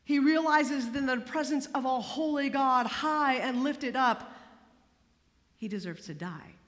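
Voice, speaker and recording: Woman preaching, fairly high bright voice, hushed then emphatic, big echoey hall. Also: unhurried. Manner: expressive, swings from hushed to emphatic. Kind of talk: sermon. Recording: long hall reverb.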